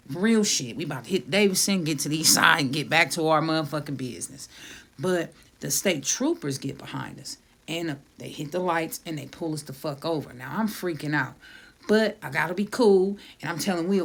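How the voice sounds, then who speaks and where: A woman's voice: sits low, creaky. A middle-aged woman comedian telling a profane story, laughing often and acting out the quotes. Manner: laughs through the story, swears a lot, acts out quotes.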